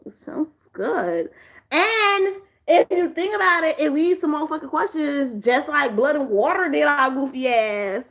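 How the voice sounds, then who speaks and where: A tipsy young woman rambling profanely about TV shows in a casual vlog, slipping into animated impressions. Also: high voice. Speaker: vlogger. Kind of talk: casual drunk show recap. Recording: dull lo-fi home video audio.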